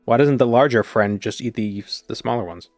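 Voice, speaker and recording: A man's voice: medium pitch, fairly quick, a little mellow, no echo, faint music behind. A man in his thirties streaming a game, chatting casually and joking with his chat. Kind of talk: casual gameplay commentary.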